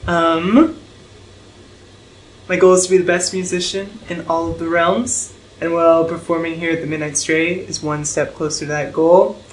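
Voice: mid-range voice, steady tone, moderate pace, slight background noise, close to an everyday voice, poor audio. A tabletop player voicing an ambitious male bard who introduces himself to a crowd like a stage announcer, with hesitant ums. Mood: showman.

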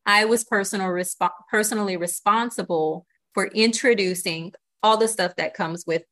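A woman's voice: mid-range voice, moderate pace, fairly bright tone. A woman guest on a podcast, speaking earnestly and reflectively in candid conversation, often checking in with "you know" and "right?".

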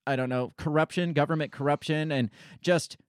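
A man hosting a podcast in a loose, rambling way, blunt and quick to swear. His voice sits a touch high. The sound is dry and close, with no room in it. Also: fairly even intonation, dry recording. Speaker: podcast host. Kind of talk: casual political podcast chat.

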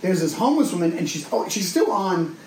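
A man co-hosting a casual podcast, telling a long story in an animated way and acting out the voices of the people in it. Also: high-pitched, fairly quick. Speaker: podcast co-host. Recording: echoey room with faint noise.

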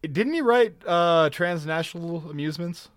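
A man's voice: on the high side, lively intonation, normal speed, no echo. A man co-hosting a podcast, telling a long story in a rambling, profane way full of restarts. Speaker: podcast co-host. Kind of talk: casual chat.

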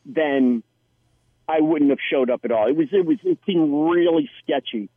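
A man's voice: fairly high pitch, animated, moderate pace, a crowd in the background. A man, an actor guest, talking casually and telling a chatty story with many restarts. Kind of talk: casual interview anecdote. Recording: tinny phone line, dry.

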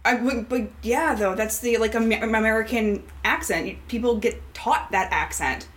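A woman's voice: a little high, normal speed, a bit bright. A woman with a Maritime Canadian accent, teasing bluntly and swearing in a casual chat.

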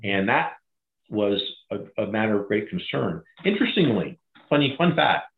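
A middle-aged man retelling a crisis story in an interview, animated and acting out the voices of others. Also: fairly low pitch, moderate pace, gravelly, slight background noise. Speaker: guest, former bank crisis manager. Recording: echoey, phone-like audio.

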